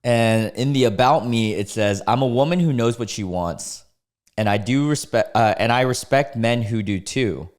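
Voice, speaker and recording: A man's voice: medium pitch, normal speed, a little mellow. A man in his twenties from the United States, reading dating app posts aloud and reacting in a casual, amused way, laughing often and trailing off mid-thought. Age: 20s.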